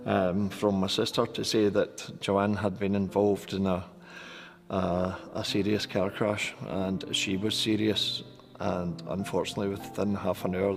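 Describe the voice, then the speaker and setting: Man, documentary interviewee, steady and subdued, low even delivery. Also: vocal fry. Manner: slow, measured and subdued. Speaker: bereaved father interviewed in a documentary. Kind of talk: interview recollection.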